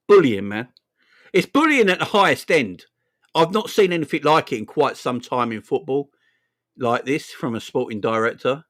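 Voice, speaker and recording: A young man from England hosting a fan live stream, animated and laughing, with lots of slang and repetition. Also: medium pitch, normal speed. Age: young adult. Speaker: fan channel host. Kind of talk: casual live-stream chat.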